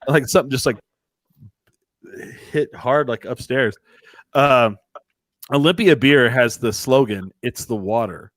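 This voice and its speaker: Recorded dry, a mid-pitched man speaks at a measured pace, pausing often. He hosts a casual chat show over video call, telling animated stories, swearing freely, and acting out quotes.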